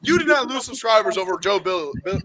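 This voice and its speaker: A man's voice: high voice, animated, brisk, a crowd in the background, rough recording. A man arguing bluntly and profanely in a heated panel, cutting others off.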